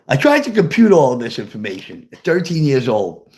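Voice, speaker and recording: A man's voice: mid-range voice, wildly swooping pitch, moderate pace, a little mellow. An older man reading his own memoir aloud and chatting with viewers, swearing freely and laughing at his own stories.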